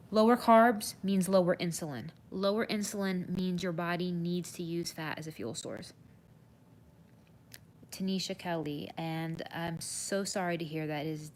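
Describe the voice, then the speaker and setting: A woman's voice: lowish voice, slight background noise. A woman nutrition coach talking earnestly to viewers in a live stream, often saying "you guys".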